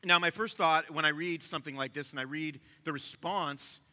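A man's voice: a little high, normal speed, pushed and bright, long reverb tail. A man preaching a sermon in a conversational way, talking straight to his listeners. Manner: conversational, asks the room to follow along. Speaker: pastor.

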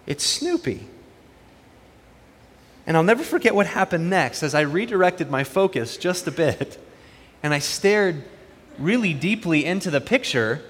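Male pastor, fairly high voice, earnest and conversational, long church reverb. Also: lively intonation, normal speed, a bit bright. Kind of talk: sermon.

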